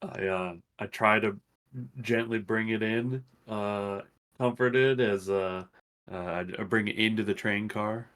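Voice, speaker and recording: Man player at a tabletop game, lowish voice, casual and eager. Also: fairly even intonation, unhurried, a bit bright.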